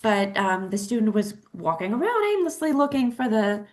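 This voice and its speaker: A middle-aged woman tells a story in a casual talk show. She is chatty and animated, often restarting her sentences. She acts out the voices of the people she quotes. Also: medium pitch, normal speed. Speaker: co-host.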